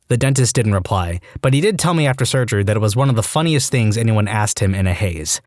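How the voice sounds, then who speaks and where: A man's voice: mid-range voice, quick pace, few pauses, dry recording, clean studio sound. A man narrating online stories in a scripted way, acting out the quoted lines in different voices. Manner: lively, acts out quoted lines in shifting voices.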